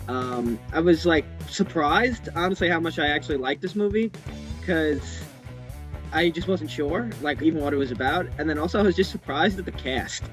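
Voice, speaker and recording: A man's voice: fairly high pitch, moderate pace, a bit bright, soft background music. A man chatting casually on a podcast, eager and talkative, with many fillers. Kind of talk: casual chat.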